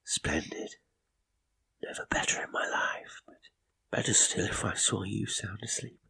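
Unnervingly composed older colonel, thin hush of a whisper, read by a male narrator. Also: fairly low pitch, measured pace, creaky, voice pushed up, heavily acted. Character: retired colonel, older man, eerily calm.

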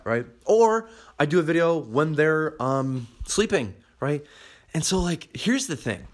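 A man's voice: a little high, very animated, a little slow. A young man hosting a podcast, talking bluntly and animatedly, swearing freely as he gives motivational advice. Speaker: podcast host.

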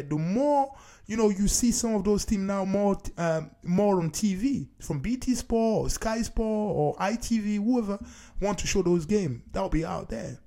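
An emphatic talk show host delivering a solo opinion rant. The voice is mellow and warm, and the pitch swings widely as points get pressed. Key phrases come back again and again for emphasis. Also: gravelly. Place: based in Scotland.

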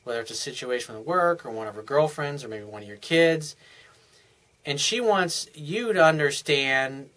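A man's voice: on the high side, lively intonation, normal speed, a bit bright. A man giving relationship advice in an unscripted monologue, earnest and frank, explaining things step by step in casual, plain language.

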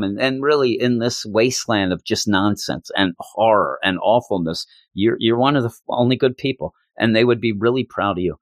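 A man's voice: mid-range voice, lively intonation, brisk, hardly any pauses, no room sound, studio quality. A man co-hosting a podcast, chatting casually and emotionally about a comic book, often restarting his sentences. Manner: earnest, emotional, talks with repeated restarts. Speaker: podcast co-host.

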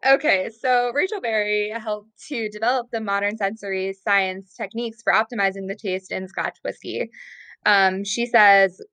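A woman's voice: medium pitch, fairly even intonation, moderate pace, fairly bright tone, dry recording. A woman co-hosting a casual podcast chat from home, presenting her research with many hesitations. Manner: chatty, hesitant with many ums. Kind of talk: casual chat on a video call.

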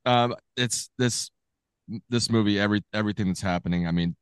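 A man's voice: on the low side, normal speed, clear, resonant tone, dry recording. A man in loose podcast banter, laughing and swearing as he talks about a film. The sound is close and dry, with no room in it. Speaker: podcast co-host. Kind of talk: casual chat.

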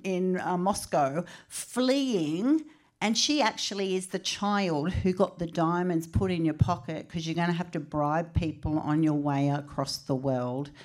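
A middle-aged woman with an Australian accent, telling personal stories in an animated, chatty way at a book launch. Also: on the low side. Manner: animated, chatty storyteller who acts out quotes. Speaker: author speaking at a book launch. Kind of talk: personal storytelling speech.

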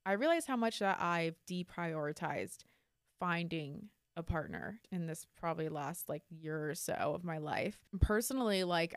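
A woman in her twenties hosting a solo podcast, talking candidly and swearing freely, and getting animated when she retells a story. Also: fairly low pitch, smooth, dry recording, studio quality. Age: 20s. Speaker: podcast host. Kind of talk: casual solo podcast monologue.

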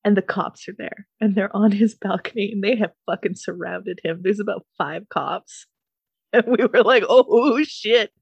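A woman hosts a podcast and tells a story in relaxed, chatty fashion. She laughs often, swears without a thought and slips into quick impressions of the people she describes. Her voice sits close to the mic with no room sound. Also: medium pitch, gravelly, husky, no room sound, muffled recording. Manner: animated, laughing, swears freely, acts out quotes. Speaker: podcast host. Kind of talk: casual storytelling chat.

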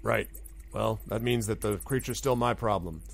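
Guy running a tabletop game, kinda low and gravelly, lots of ums. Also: moderate pace, faint music behind. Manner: laid-back, hesitant, many fillers, laughs often. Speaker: game master.

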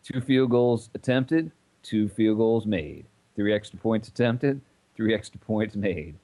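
A man's voice: on the low side, a little slow, warm tone. A man co-hosting a casual sports podcast, joking and laughing often. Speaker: podcast co-host.

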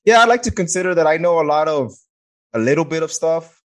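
A man's voice: fairly high pitch, lively intonation, fast. A man hosting a podcast in casual conversation, hesitant, with many "uh" fillers. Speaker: podcast host.

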